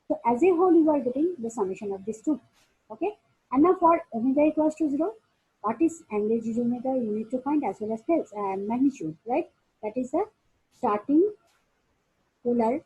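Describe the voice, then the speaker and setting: A woman with an Indian English accent giving a recorded engineering lecture, pausing often with fillers and restarting her sentences. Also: high-pitched, mellow, breathy edge, low-quality recording. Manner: halting, frequent uh fillers and restarts.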